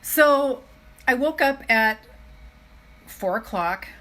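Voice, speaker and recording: A woman's voice: sits high, animated, slow, sharp tone, poor audio. Earnest middle-aged woman coaching viewers. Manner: earnest, emphatic, repeats key phrases; chatty, addresses viewers as "you guys". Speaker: self-love coach. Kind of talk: live motivational talk to viewers.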